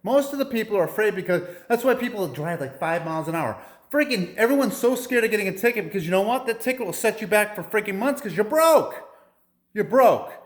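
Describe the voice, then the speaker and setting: A man's voice: sits high, expressive, brisk. A young man in a heated, profane political rant, repeating himself and firing off rhetorical questions. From United States.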